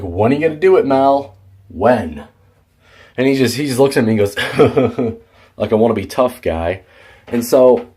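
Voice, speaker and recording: A man's voice: fairly low pitch, dark tone. A teenage boy vlogging, telling a rambling, worked-up story about quitting his job. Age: teens. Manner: rambling, fired-up retelling of a workplace feud. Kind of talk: casual storytelling vlog.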